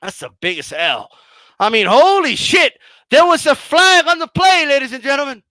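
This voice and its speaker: High bright guy ranting on his boxing channel, dry close mic, swearing and mocking critics. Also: expressive, quick pace, dry recording. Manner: mocking, gloating, swears often, mimics critics, shouts at times. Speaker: boxing commentator and channel host. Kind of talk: heated vlog rant.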